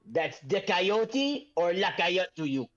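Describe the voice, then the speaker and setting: A man's voice: high-pitched, sing-song, slow, faint music behind, exaggerated voice. A man putting on a boastful French sea captain. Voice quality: mock French accent, crude and boastful. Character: swaggering French-accented male sailor captain. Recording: dull lo-fi.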